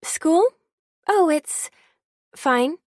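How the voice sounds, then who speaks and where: A woman voicing a tired young female assistant and student, bright on the surface but weary. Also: a little high, unhurried, dry recording, clean studio sound, voice pushed up.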